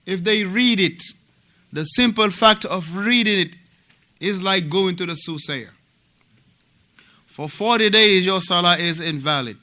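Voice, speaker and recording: The speaker is a mosque teacher from Africa whose voice is high and very bright. He leads his class with animated, repetitive lecturing, frequently pausing to pose brief questions that check his students' understanding.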